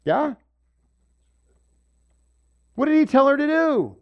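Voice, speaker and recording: A pastor giving a sermon, moving from quiet stretches to loud, emphatic preaching and asking his congregation questions. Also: extremely high pitch, sing-song, takes it slowly, pauses often, lo-fi sound. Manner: asks the audience questions. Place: room with a congregation.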